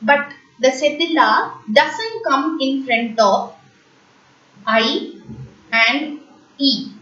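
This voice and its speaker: Woman teacher, high voice, slow patient delivery, repeats words, distant echoey lo-fi recording. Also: animated, bright, forceful tone. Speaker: French teacher. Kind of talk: slow explanatory lesson. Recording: echoey room, distant, dull lo-fi mic.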